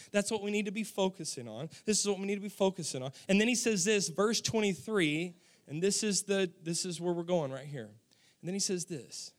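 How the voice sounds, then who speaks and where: A man preaching a sermon as the pastor, calling out to his congregation, with sudden drops into a soft, hushed delivery. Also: sits high, animated, normal speed. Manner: emphatic preacher, calls on the congregation.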